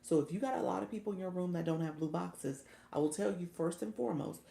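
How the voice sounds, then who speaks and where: Woman livestream coach, low gravelly voice, chatty and laugh-prone, echoey room. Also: quick pace, dark tone. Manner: chatty, laughs often, thanks viewers by name. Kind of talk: casual livestream talk, reading chat.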